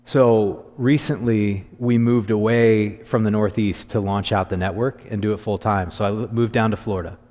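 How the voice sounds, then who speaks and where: A man preaching a sermon as a pastor, telling stories in a conversational way that turns lively when he quotes others. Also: fairly low pitch, moderate pace, hardly any pauses, in a large hall. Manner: conversational storytelling, animated when quoting. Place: church sanctuary.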